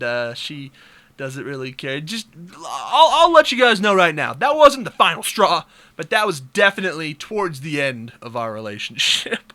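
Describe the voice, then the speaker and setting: A young man vlogger telling a crude comic story, animated and fond of mimicking voices. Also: on the high side, moderate pace. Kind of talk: comedic storytelling vlog.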